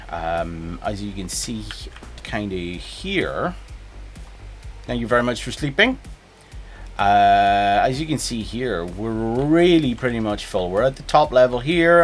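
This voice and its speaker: A man streaming a game, talking casually and jumping between topics with chat. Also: medium pitch. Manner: animated, chatty, jumps between topics.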